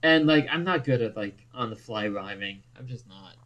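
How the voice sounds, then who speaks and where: A man's voice: mid-range voice, animated, normal speed, highs cut off. Hesitant young man in casual podcast banter. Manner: hesitant, joking reactions. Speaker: podcast co-host. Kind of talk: casual chat.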